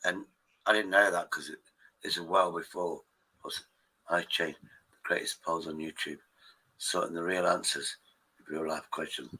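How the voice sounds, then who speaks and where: A man hosts a live stream in loose, rambling chat. His voice is very bright and sits a little low, and he swears freely and trips over his own restarts. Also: fairly even intonation, normal speed, pauses often, breathy edge, rough recording. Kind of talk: rambling casual chat with viewers.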